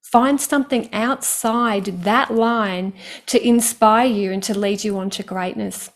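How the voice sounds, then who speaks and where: A woman's voice: fairly high pitch, steady tone, a little slow. A woman hosting an interview, asking questions and summing up lessons for listeners in an encouraging way.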